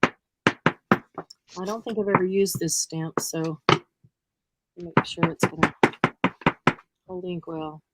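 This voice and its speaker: A woman's voice: fairly low pitch, steady tone, slow pace, long pauses, very noisy. A woman co-hosting a crafting livestream, chatting casually and laughing often as she works. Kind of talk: casual chat while crafting.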